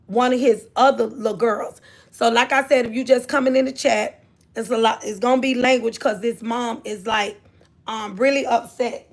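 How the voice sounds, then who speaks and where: A woman's voice: on the high side, gravelly. A woman hosting a live stream, recapping a story in a casual way with lots of fillers. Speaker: commentator host.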